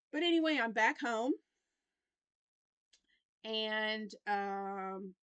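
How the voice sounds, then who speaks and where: Here a woman with a medium-pitched voice, captured in a dry recording, chats casually to camera. A Southern American grandmother in her fifties who vlogs about crochet, she rambles through her week and keeps restarting.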